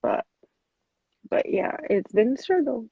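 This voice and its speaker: A woman in her thirties telling a personal story on a video call, animated and full of "like", acting out what people said. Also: fairly high pitch, a little slow, gravelly, husky, no echo. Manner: animated, many "like" fillers, acts out quotes. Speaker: guest. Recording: dull lo-fi video call audio.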